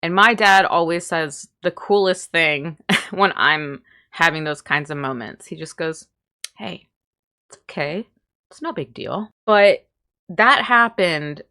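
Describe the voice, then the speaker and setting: A woman's voice: lowish voice, pushed and bright. A young woman, candidly telling a self-deprecating story about herself and laughing as she goes. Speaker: vlogger. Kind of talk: storytime vlog.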